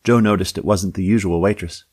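A man's voice: low-pitched, steady tone, fairly quick, darkish tone, breathy edge, dry recording. A man narrating a story in a dry, wry storytelling manner.

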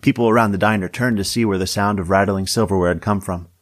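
A man narrating a scripted story with dry, wry humor. His voice sits very low, and the recording is close and dry with no room sound. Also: fairly even intonation, fast, no echo.

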